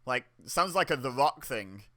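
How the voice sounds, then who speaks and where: A man's voice: mid-range voice, lively intonation, normal speed, a bit bright. A young man giving casual, chatty commentary while watching a wrestling show, reacting aloud with laughs and exclamations. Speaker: wrestling watch-along host.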